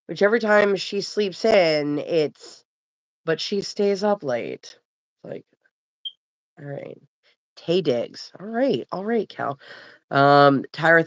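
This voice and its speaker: A woman's voice: low-pitched, dry recording. A middle-aged woman hosting a casual live stream from home, rambling and sleepy, yawning between chatty remarks. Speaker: livestream host. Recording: dull, dry home mic.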